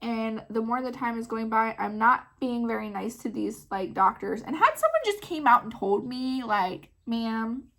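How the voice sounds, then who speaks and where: A mother vlogging, retelling a story in a casual, animated way full of "like". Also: a little high, normal speed, vocal fry, few pauses. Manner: animated, filler-heavy retelling with many "like"s.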